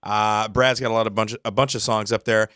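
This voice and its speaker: Bright lively guy hosting, laughs a lot, rambles with lots of uhs, dry close mic. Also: fairly low pitch, a little fast, clean tone, no echo. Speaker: show host. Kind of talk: casual chat.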